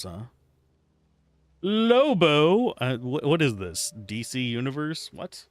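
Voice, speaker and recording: A streamer chats casually while playing a video game live, animated and tossing out jokey asides. His voice is a little high and slow, with no room sound.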